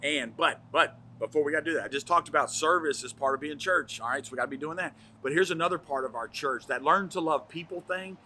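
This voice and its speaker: A man's voice: on the high side, quick pace, hardly any pauses, pushed and bright, a little hiss or hum. Upbeat pastor man. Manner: enthusiastic, chatty, folksy. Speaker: pastor giving church announcements. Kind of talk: casual church announcements video.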